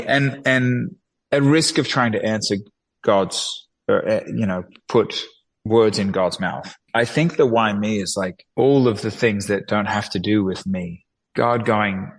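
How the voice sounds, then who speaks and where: Unhurried and medium-pitched, a male musician-filmmaker reflects in a conversational interview, speaking with earnest animation. He frequently starts his sentences over and performs small quotes, all captured in poor audio.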